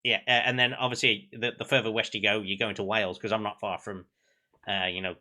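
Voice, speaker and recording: A young adult man with a softened Black Country accent, chatting casually on a stream, rambling with many restarts. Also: on the low side, level tone, quick pace. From England. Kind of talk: casual chat with chat.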